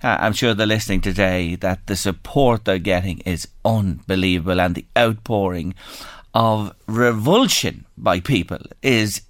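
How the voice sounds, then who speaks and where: An Irish man hosts a radio phone-in, his voice sitting low and earnest. He speaks sympathetically and reads listeners' messages aloud. The studio sound is close and dry. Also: unhurried, hardly any pauses, no room sound. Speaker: radio talk show host. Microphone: studio microphone.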